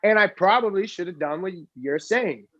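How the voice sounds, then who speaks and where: A man joining a podcast over a video call, talking quickly and animatedly, telling stories in casual chat. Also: high voice, no echo. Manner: rapid, animated storytelling with quoted dialogue. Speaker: podcast guest. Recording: dull lo-fi video call audio.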